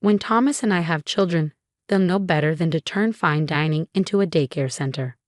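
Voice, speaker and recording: A woman voicing a snobbish adult sister-in-law whose lines are shrill and scornful. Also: moderate pace, no echo, studio quality, close to an everyday voice. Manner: scornful, complaining.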